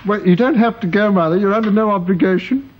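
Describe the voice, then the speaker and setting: An actor playing a gentle, jovial middle-aged father in a radio drama. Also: sits high, fast talker, dull audio. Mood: reassuring. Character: kindly upper-class father, calm and reassuring. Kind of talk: 1930s-set radio drama.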